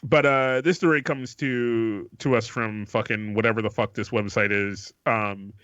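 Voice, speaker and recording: A man's voice: mid-range voice, pushed and bright, no echo. A man co-hosting a podcast in casual banter, rambling with lots of fillers and swearing, on a dull lo-fi mic. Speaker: podcast co-host.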